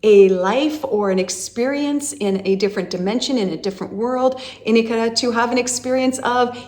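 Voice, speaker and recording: A woman's voice: on the high side, moderate pace, a little mellow. A woman channeling a spiritual message, rambling with many fillers and breaking into chanted syllables, emotional, laughing and crying at once. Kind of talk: channeled light language transmission.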